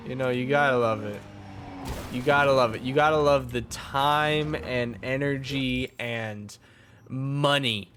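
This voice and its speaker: Slow, wry man commenting on gameplay. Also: medium pitch, fairly bright tone, faint music behind. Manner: sarcastic, wry running commentary. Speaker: gaming channel host.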